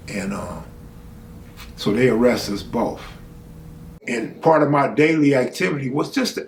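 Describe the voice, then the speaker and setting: A man's voice: medium pitch, vocal fry. A man, hosting a stream and telling a true story in casual, profane street talk, raising his voice when he quotes people. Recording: echoey room, faint background hum.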